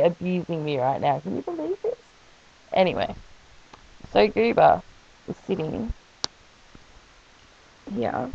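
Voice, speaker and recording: A woman's voice: mid-range voice, very animated, a little slow, creaky, pauses often, dull audio. A woman vlogging casually about her life, rambling and making self-mocking jokes as she goes. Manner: chatty, self-mocking, jokey asides. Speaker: vlogger sharing her illness story. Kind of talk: casual rambling video diary.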